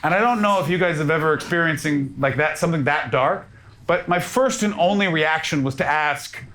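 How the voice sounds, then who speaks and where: Brisk and high-voiced, a Canadian stand-up in his thirties tells stories at a live comedy club, swinging animatedly into loud mock crying and character voices. The live room picks up clear crowd noise and audience laughter.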